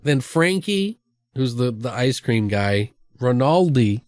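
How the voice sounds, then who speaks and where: A man co-hosting a podcast, retelling a movie's scenes in a casual, excited way with lots of swearing and acted-out lines. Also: medium pitch, slow, no echo, studio quality. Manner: excited, profane storytelling, acts out film lines. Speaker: podcast co-host. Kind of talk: casual movie review chat.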